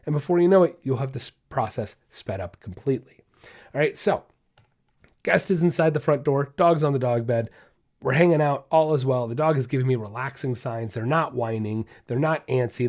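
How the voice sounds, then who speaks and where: A man's voice: a little high, darkish tone. A man hosting a podcast, coaching listeners in an emphatic, repetitive way. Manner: emphatic, coaching, repeats key points. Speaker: dog trainer podcast host. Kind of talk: casual instructional talk.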